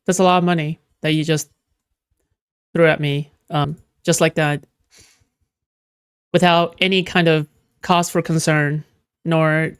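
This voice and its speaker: A woman's voice: sits low, little pitch movement, measured pace, long pauses, clean tone, no room sound, clean studio sound. A woman streaming casual reaction commentary, blunt and swearing freely, laughing often.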